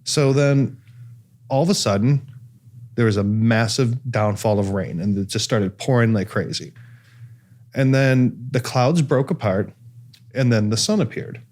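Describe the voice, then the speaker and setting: Measured and a little mellow, this medium-pitched man from Cleveland, USA hosts a laid-back talk show. His story wanders with many fillers and restarts.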